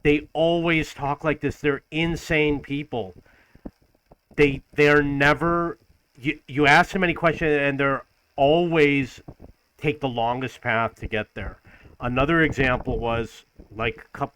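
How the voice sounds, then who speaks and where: A New York vlogger rants in an audio-only complaint, exasperated and repeating himself, mimicking others in lists. His voice is on the high side, bright, clear and resonant, with fairly even intonation and a measured pace, though the recording quality is low.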